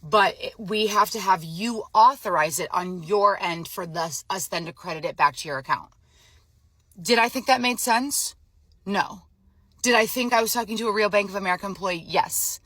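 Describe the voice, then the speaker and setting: Emotionally drained woman with a bright voice. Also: medium pitch, normal speed, dry recording. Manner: frazzled, emotional, retelling a phone scam with quoted dialogue. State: emotionally drained, near tears. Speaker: vlogger. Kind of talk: casual storytelling to camera.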